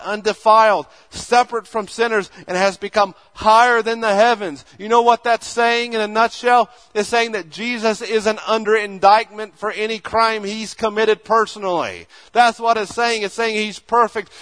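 High-voiced man preaching a sermon. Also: a bit bright. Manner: conversational, acts out imagined dialogues. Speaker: pastor.

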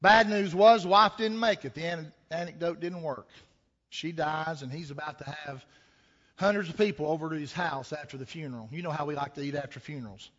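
High-voiced preacher guy telling a folksy story, big echoey hall, kinda dull audio. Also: fairly quick, a bit bright. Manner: folksy, conversational, rhetorical questions. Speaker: pastor. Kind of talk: sermon with storytelling.

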